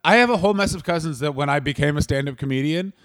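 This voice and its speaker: Fast-talking profane comedian man. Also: fairly high pitch. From Canada. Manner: fast, profane, riffing into silly voices. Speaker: podcast co-host, stand-up comedian. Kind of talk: casual comedic chat.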